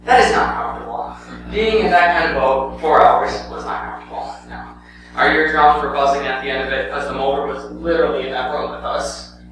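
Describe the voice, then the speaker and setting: A church member with a medium-pitched voice, steady and fairly quick, speaks over music about his mission trip. This rambling young man gives the congregation a casual report full of "um" and "anyway", recorded from a distance in a very echoey sanctuary with a clear hum.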